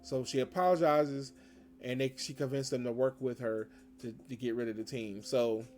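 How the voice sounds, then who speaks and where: A man's voice: mid-range voice, a little mellow. Chatty man recapping a cartoon episode. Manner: rambling, conversational retelling with frequent chuckles. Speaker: TV show reviewer and host. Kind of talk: casual spoiler review recap.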